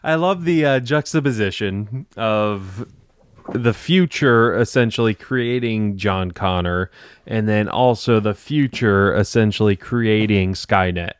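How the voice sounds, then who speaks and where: Low-voiced man thinking aloud. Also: clean tone, no room sound, clean studio sound. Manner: thinks aloud, restarts sentences. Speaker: podcast panelist. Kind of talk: casual film discussion.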